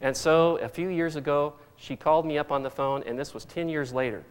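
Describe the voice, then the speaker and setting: A man's voice: on the high side, a little fast, clean tone. A middle-aged man preaching a sermon as pastor, earnest and fond of repeating phrases for emphasis.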